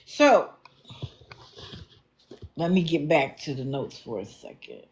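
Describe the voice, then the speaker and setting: A woman's voice: deep voice, very animated, slow, slight background noise. Chatty woman hosting a livestream. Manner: apologetic, reads and answers viewer comments. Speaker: livestream host. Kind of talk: casual livestream commentary.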